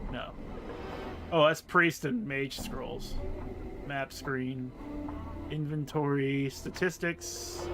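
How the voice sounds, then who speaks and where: A man giving casual let's play commentary, chatting and reading menus aloud as he plays. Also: on the high side. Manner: chatty, reads game text aloud and muses over menus. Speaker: game streamer.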